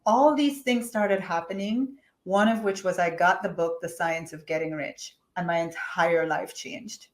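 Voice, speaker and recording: A woman's voice: on the low side, measured pace, hardly any pauses. A woman guest, a business coach, telling her personal story in an interview in a candid, emphatic way, with dramatic swings. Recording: echoey room.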